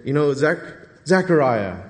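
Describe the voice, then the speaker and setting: Preacher putting on a nosy neighbor, high-pitched and loud, exasperated prying questions, echoing hall. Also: male voice, very animated, unhurried. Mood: incredulous. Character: incredulous nosy townsfolk neighbor. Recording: reverberant hall.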